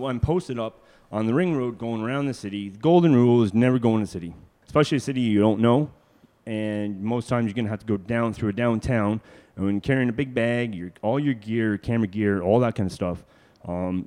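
A man spins road tales in an easygoing, rambling manner, full of fillers and restarts. His voice sits at an ordinary middle pitch. A long echo hangs on everything, as if in a hall. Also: a little mellow. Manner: rambling, many fillers and restarts, laughs often. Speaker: guest, hitchhiker. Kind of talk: casual storytelling.

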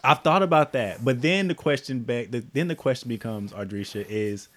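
A man's voice: mid-range voice, normal speed, a bit bright. A man hosting a casual group chat, laid-back and slangy, laughing often.

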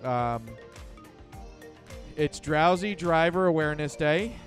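A man co-hosting a casual podcast chat, running through a list in a relaxed way. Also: fairly high pitch, slow pace, faint music behind. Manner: relaxed, reads out lists. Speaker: podcast co-host.

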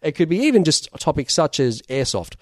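A young adult man with an Australian accent, a toy seller talking through his case as an interview guest in a rambling, relaxed way with many fillers. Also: a little high, a little fast, no room sound, studio quality. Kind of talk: casual interview talk.

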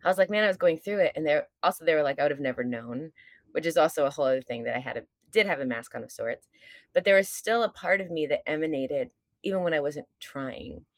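A woman with a deep, low-set speaking voice talks as a podcast guest in casual conversation. She is earnest and reflective, speaks candidly and lets the odd curse slip. The sound is dry and close, with no room around it. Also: animated, fast, no room sound. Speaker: stage performer. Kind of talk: casual chat.

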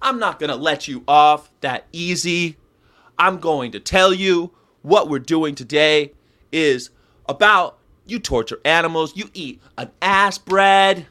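A man putting on the voice of a blunt male animal-rights lecturer, ranting slowly and confrontationally. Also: fairly high pitch, expressive, pushed and bright, pitched above the performer's own voice.

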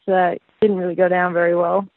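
A woman with an Australian accent, a band singer chatting as an interview guest, relaxed and rambling with lots of fillers. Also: lowish voice, a little fast, no room sound. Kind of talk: casual interview chat. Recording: tinny phone line.

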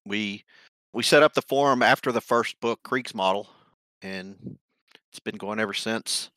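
Lowish voice but bright and forceful, laid-back guy telling stories, dry sound. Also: unhurried, dry recording. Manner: relaxed, good-humored storyteller. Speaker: guest author and collector. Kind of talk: casual interview chat.

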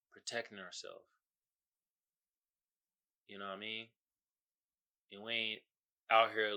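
A man's voice: lowish voice, bright, forceful tone. An American man hosting his own podcast, ranting in a mocking, profane way and laughing at his own jokes. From United States. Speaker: podcast host. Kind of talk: solo podcast rant.

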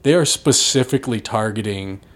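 A man hosting a podcast, playful and full of joking questions. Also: on the low side. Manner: playful, questioning, quick with jokes. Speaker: podcast host. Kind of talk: casual chat.

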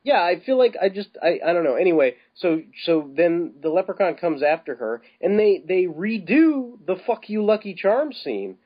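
A man's voice: high voice, very animated, normal speed, few pauses. Rambling man on a lo-fi podcast. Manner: rambling, with many restarts and casual swearing. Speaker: podcast co-host. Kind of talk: casual film-review chat. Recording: slightly dull, lo-fi podcast audio.

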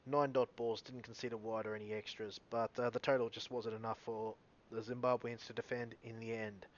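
A man's voice: medium pitch, little pitch movement, brisk, highs cut off. A man hosting a casual solo cricket recap, reading out bowling and batting figures, often stumbling and correcting himself. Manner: rambling, self-correcting, reading out stats. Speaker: cricket video host.

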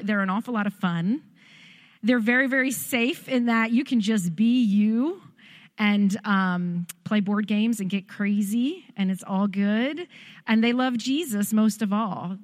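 A woman's voice: mid-range voice, long reverb tail. Chatty woman introducing guests in a church. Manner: warm, thankful, chatty with fillers.

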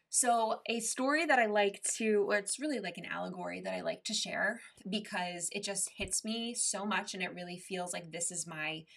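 A woman's voice: mid-range voice, gravelly, a bit bright, recorded from a distance. A woman hosting an online wellness workshop, talking in an upbeat, encouraging way and telling a story. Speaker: mental health dietitian hosting a session.

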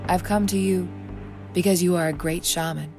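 A woman's voice: lowish voice, fairly even intonation, normal speed, music in the background, close to an everyday voice. A woman voicing an earnest young man who pleads for healing, in a pleading, wry way.

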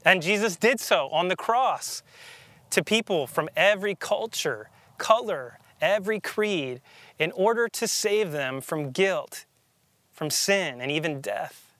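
A man's voice: high voice, animated, pushed and bright, dry recording. Earnest, emphatic male preacher. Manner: earnest, emphatic, with deliberate slow stresses. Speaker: pastor. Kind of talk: sermon.

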